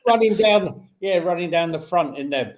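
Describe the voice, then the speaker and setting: A man co-hosts a casual football chat in a laid-back, easygoing way. His voice sits a bit high, and the recording carries a noticeable roomy echo. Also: lively intonation, slow. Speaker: podcast co-host. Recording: roomy echoey sound.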